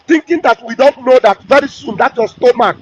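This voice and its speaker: A man's voice: extremely high pitch, fairly quick, a little hiss or hum. A male host, giving heated, mocking political commentary. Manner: heated, mocking, acts out quotes. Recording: dull, dry lo-fi audio.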